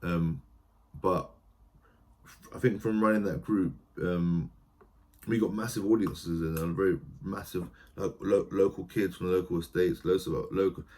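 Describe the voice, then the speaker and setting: A man, a theatre practitioner talking as a podcast guest, animated and storytelling, often breaking into quoted voices and restarting his sentences. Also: low voice, unhurried. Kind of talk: conversational podcast interview.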